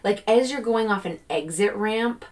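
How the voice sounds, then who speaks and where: A woman hosting a podcast on her own, talking casually and animatedly, often slipping into excited quoted gratitude. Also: mid-range voice, normal speed. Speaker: podcast host. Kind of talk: casual solo podcast talk.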